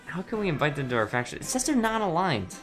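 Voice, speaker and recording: A man's voice: on the high side, sing-song, fast talker, a bit bright, faint music behind. A man streaming a strategy game, musing aloud with hesitant restarts while reading chat messages.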